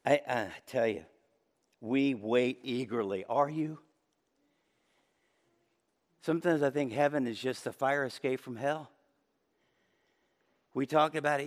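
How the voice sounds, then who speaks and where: A man preaching a sermon as pastor, impassioned, swinging between loud high peaks and low quiet passages. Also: a little slow, pauses often.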